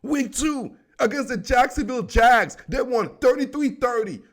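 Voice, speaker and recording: A young man giving a solo football recap, talking in excitable, joking slang. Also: very high-pitched, moderate pace. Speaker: sports commentator.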